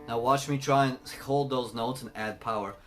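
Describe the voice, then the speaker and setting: A man teaching singing, talking through techniques and breaking into loud sung demonstrations. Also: medium pitch, steady tone, moderate pace, over music. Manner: explains then belts sung examples. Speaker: vocal coach.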